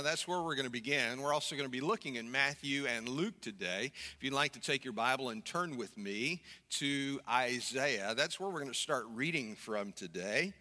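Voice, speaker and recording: A man preaching a sermon as pastor, telling a folksy story with lively, conversational delivery. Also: medium pitch, big-room sound. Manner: folksy storytelling, animated when acting out characters.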